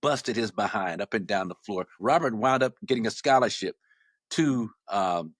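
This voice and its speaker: A man in his sixties from Los Angeles, a former basketball player telling stories as a podcast guest, animated and often repeating words as he restarts. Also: on the low side, normal speed, no echo, studio quality. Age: 60s. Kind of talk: casual storytelling.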